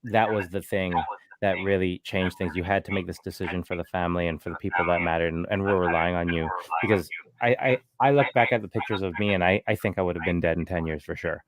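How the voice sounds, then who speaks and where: A man hosting a podcast, speaking in a reflective, halting way in casual chat. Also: low voice, noisy background. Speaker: podcast host.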